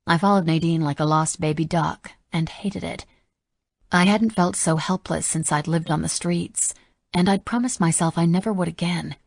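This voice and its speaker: Female audiobook narrator, deep raspy tone, sardonic first-person read. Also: steady tone, normal speed, no echo, studio quality.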